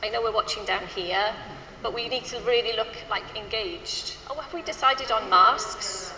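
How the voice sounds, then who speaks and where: A woman's voice: mid-range voice, moderate pace, bright, forceful tone. Upbeat woman choir director in echoey hall. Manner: encouraging, upbeat, chatty. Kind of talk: rehearsal instructions to a choir. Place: rehearsal hall. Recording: echoey hall with faint ambient noise.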